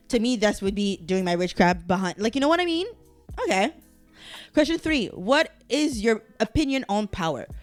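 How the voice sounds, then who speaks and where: Animated woman hosting a solo podcast. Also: a little high. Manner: animated, swearing, reacting loudly to quiz results. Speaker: podcast host. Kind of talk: casual solo podcast chat.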